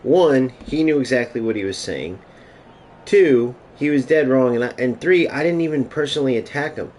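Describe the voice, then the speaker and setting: A man's voice: medium pitch, animated, moderate pace, a little mellow, poor audio. A man streaming a game, ranting casually and profanely to his chat. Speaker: gaming streamer.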